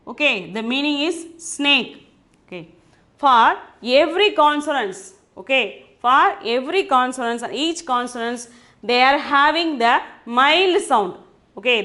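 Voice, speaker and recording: A woman gives a patient language lesson in a high voice. She talks slowly, breaks words into syllables and says most sentences twice. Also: fairly bright tone. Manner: repeats phrases often, slow and deliberate, spells out syllables. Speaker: Hindi teacher.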